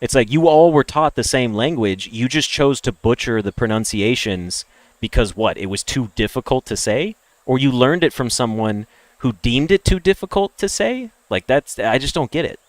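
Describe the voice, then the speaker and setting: Opinionated American streamer guy, mid-pitched voice, dry close sound, rants with loud spikes and muttered asides. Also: expressive, moderate pace, dry recording. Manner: ranting, opinionated, swings between loud emphatic bursts and low mutters. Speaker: game streamer. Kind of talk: casual chat with stream viewers.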